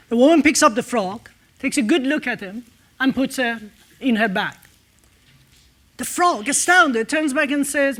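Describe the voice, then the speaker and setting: A man speaking as an entrepreneur at a conference, telling stories conversationally with occasional filler pauses. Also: very high-pitched, animated, fairly bright tone. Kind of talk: conference talk. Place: conference stage.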